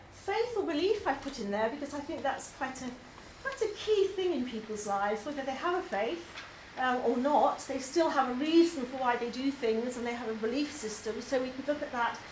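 An English woman presenting her poetry course to a group, enthusiastic and chatty with frequent ums. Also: high voice. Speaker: poetry tutor. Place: labour club hall. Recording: echoey hall, faint noise.

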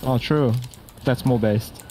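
A man in casual voice chat during a game raid, calling out mechanics in quick repeated bursts and swearing now and then. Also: mid-range voice, mellow, faint music behind.

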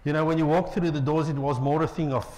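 A middle-aged man with a South African accent preaching a lively sermon in a church, joking with the congregation. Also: on the high side, fast talker, noisy background. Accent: South African English. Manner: playful, jokes with the congregation. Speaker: pastor.

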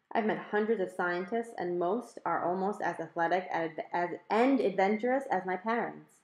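Woman reading a novel aloud, roomy echo. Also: on the low side. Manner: clear, conversational storytelling. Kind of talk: audiobook narration.

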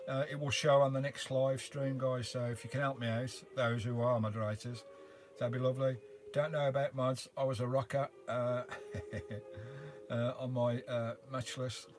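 An older man hosting a casual van life live stream, rambling warmly through viewer comments with lots of "uh" fillers, recorded inside his camper van. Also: medium pitch, fairly even intonation, normal speed. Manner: chatty, rambling, frequent "uh" fillers, calls viewers mate and sugar. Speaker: vanlife live-stream host.

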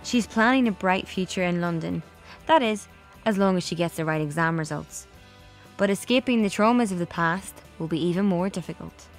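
A woman narrating a novel in a measured, quietly wry way. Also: lowish voice, soft background music. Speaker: audiobook narrator. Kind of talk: scripted narration.

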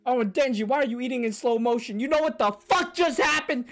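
A man reacting to an anime episode, excitable and profane, shouting and gasping and talking back to the characters on screen. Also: very high voice, quick pace, creaky, faint music behind. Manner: excitable, swears a lot, bursts into shouts and gasps. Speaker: anime reaction channel host. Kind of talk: live reaction commentary.

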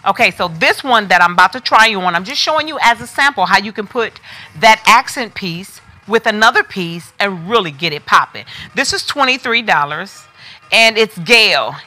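Demonstrating wigs on a live sales stream, a woman addresses her viewers directly and chats casually. Her medium-pitched voice has lively intonation and a sharp tone, at a normal speed.

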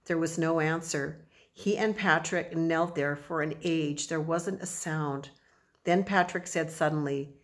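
A woman narrating a children's audiobook in a measured, expressive storytelling manner. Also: sits low.

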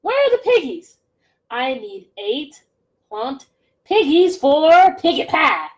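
A woman voicing a shrill, bossy witch who screeches insults at farm animals in a read-aloud storybook. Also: big pitch swings, slow pace, full character voice. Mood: demanding.

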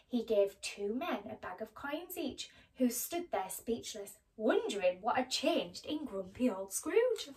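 A woman's voice: fairly high pitch, recorded from a distance, rough recording. Woman storyteller, slightly off-mic. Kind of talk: reading a children's story aloud. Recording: voice a little off-mic.

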